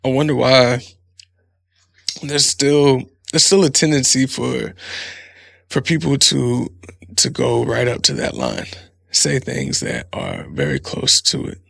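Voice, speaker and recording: A man's voice: mid-range voice, very animated, takes it slowly, vocal fry, long pauses, fairly bright tone, dry recording. A man hosting a podcast in a casual comedic monologue, rambling and swearing freely, laughing often. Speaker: podcast host.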